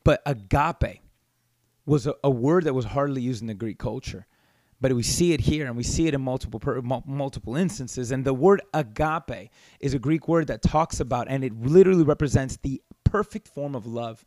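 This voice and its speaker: A man's voice: mid-range voice, moderate pace, darkish tone, no room sound. A man preaching a sermon, growing impassioned and emphatic as he scolds. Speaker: pastor.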